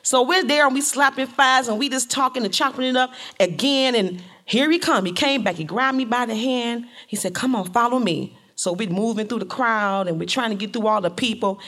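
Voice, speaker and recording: Animated woman telling her own story. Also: a little high, a little fast. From Detroit, USA. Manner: animated, colloquial, acting out her own reactions. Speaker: home care worker and community organizer telling a personal story. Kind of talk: personal storytelling performance.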